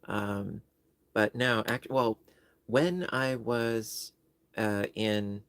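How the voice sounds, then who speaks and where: Gravelly low guy on a crochet livestream, dry close sound, chatty and walks through steps. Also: steady tone, drawn-out words, a bit bright, no room sound. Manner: chatty, explains step by step, reads out comments. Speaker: crochet channel host. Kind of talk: casual livestream chat. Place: home livestream setup.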